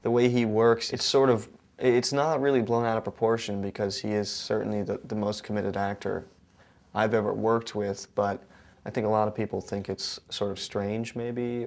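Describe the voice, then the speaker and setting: A man's voice: on the low side, little pitch movement, normal speed, a little mellow. A young male actor talking casually and thoughtfully in an interview, earnest with small hesitations.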